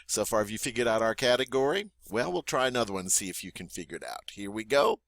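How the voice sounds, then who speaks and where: A man with a bright, forward voice runs a French vocabulary lesson, saying each word slowly and clearly and leaving room for students to repeat. His delivery is friendly and encouraging, with a lively, rising and falling pitch. The sound is dry and close, with no room echo. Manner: slow, deliberate model pronunciation with pauses for repeating. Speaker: French teacher.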